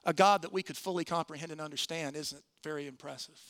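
Bright, gravelly-voiced man preaching a sermon. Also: on the high side. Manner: earnest preaching, slows and softens on key phrases. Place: church.

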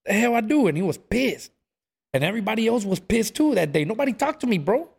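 A man's voice: high voice, quick pace, vocal fry, slightly rough. A man telling stories in a casual chat, acting out what people said. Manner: animated storyteller, acts out quotes, says "bro" a lot.

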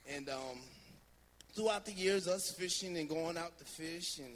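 A man from New Jersey preaching a sermon, telling a story in a lively, anecdotal way with many fillers. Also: on the high side, unhurried, long reverb tail, slight background noise. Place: church sanctuary.

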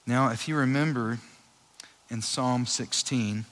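A young adult man preaching a sermon in a conversational, animated way, with frequent fillers and restarts. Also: medium pitch, slow, low-quality recording. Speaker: pastor.

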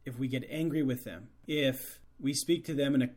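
A man's voice: medium pitch, normal speed, darkish tone. A man hosting a Catholic show, reflecting earnestly on scripture and urging fathers with rhetorical questions.

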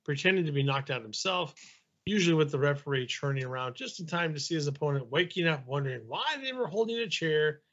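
A man with a fairly high voice reads notes aloud on a podcast, stopping now and then to crack a joke. The lo-fi recording sounds dull. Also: lively intonation, fast, a bit bright. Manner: reads in long runs, breaking off to joke.

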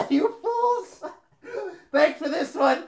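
A man's voice: extremely high pitch, animated, extremely slow, gravelly, voice pushed up, heavily acted. A man voicing a gloating team representative who cackles and taunts his rivals.

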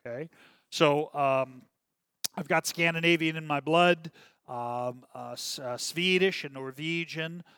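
A man's voice: on the high side, unhurried, bright, forceful tone, clear, resonant tone, no room sound, clean studio sound. A man, a pastor, teaching a church class in a conversational way, often checking in with "okay?" and reading passages aloud. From Minnesota. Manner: many fillers and restarts, reads passages aloud.

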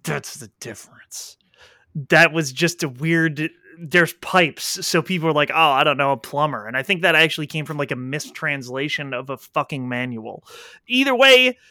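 A man in casual podcast chat, animated and quick to argue, swearing freely. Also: on the high side, no echo, studio quality.

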